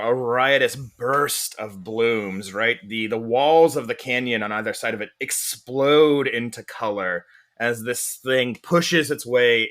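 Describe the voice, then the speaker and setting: A man's voice: mid-range voice, fairly bright tone. A man acting as game master, describing the scene at length with lots of restarts and fillers. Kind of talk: narrating a tabletop game.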